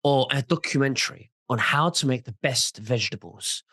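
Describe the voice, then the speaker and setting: A man's voice: mid-range voice, normal speed, bright, forceful tone, no room sound, studio quality. A man in a casual video interview who speaks insistently and often repeats words as he starts a point.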